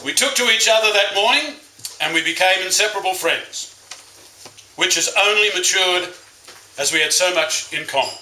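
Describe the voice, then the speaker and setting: A man's voice: sits high, moderate pace, pushed and bright, slight background noise. A man giving a best man's speech, telling fond stories with wry jokes. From Australia. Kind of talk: wedding speech. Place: wedding reception room. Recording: echoey reception room.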